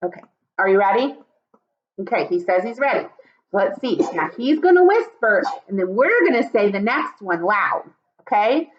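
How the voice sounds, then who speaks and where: A woman teaching a video lesson to young children from home, talking in an animated, sing-song way. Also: mid-range voice, normal speed, highs cut off. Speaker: kindergarten teacher.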